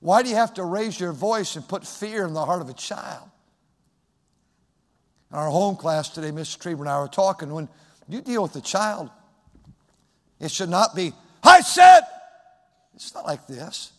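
A man preaching a sermon as pastor, swinging from loud shouted emphasis to soft, hushed asides. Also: a little high, normal speed, pauses often. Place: church sanctuary. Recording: long hall reverb.

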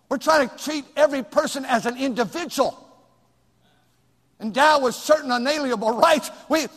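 A middle-aged male pastor preaching a sermon, swinging from loud shouts to hushed asides. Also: high voice, long reverb tail.

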